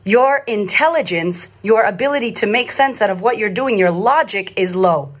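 A woman in her thirties from Australia, a confidence coach, talks live on social media to her followers, her medium-pitched voice expressive at a normal speed. She's blunt and emphatic, swearing freely and repeating phrases in a rallying cadence.

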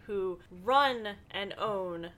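A woman co-hosting a casual chat, quick to laugh as she recaps a story. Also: medium pitch, fairly bright tone, slight background noise. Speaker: podcast co-host.

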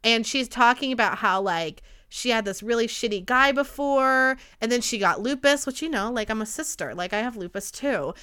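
A woman's voice: a little high, brisk, sharp tone, clean tone. A woman in her late twenties hosting a podcast in casual chat, gossipy, rambling and swearing freely, her voice stuffy and nasal from a cold. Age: late 20s. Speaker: podcast host.

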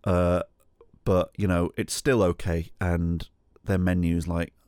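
Middle-aged man, deep voice, dry close sound, rambling sweary storyteller. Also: flat delivery, slow, a little mellow, no room sound. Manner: rambling, sweary, self-mocking. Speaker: podcast host. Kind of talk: solo podcast storytelling.

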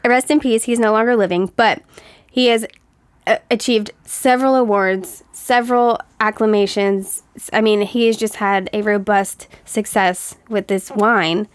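A woman's voice: medium pitch, steady tone, unhurried, clear, resonant tone, no room sound. A woman co-hosting a casual chat, telling stories in a chatty way and laughing often. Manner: giggly, chatty storyteller. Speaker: co-host.

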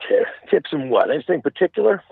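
A man's voice: fairly high pitch, big pitch swings, a little fast, creaky, husky, no room sound, phone-quality sound. A man chatting casually as a podcast guest, talking in rambling stretches full of restarts and asides. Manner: rambling, many restarts and "you know what I'm saying". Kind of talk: casual chat.

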